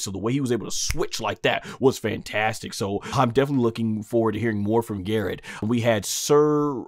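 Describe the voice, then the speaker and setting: A man's voice: mid-range voice, dry recording, clean studio sound. A man hosting an anime review, talking casually and enthusiastically with lots of fillers. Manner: enthusiastic, rambling with many fillers. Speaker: anime review channel host.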